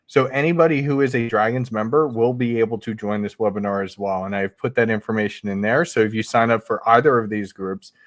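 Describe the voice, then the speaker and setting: Lower-voiced man plugging his group. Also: steady tone, a little fast, hardly any pauses, no room sound. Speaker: co-host, men's community leader. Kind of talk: casual promo plug.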